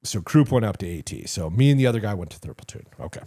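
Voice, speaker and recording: A middle-aged retired army sergeant major telling war stories in a casual interview, animated and profane, with lots of "like" and "you know.". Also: male voice, fairly low pitch, fast talker.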